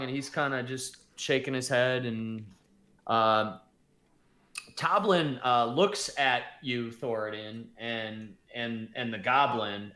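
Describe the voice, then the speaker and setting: A man's voice: mid-range voice, a bit bright. A man narrating a tabletop game as game master, rambling and full of fillers. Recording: echoey room.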